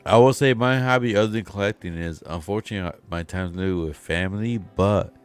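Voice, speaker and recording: A young man co-hosting a casual livestream, talking loudly and joking, peppering his talk with slang like bro and fool. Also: on the low side, fairly quick, clean tone, faint music behind. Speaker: podcast co-host. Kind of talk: casual banter on a collectors' livestream.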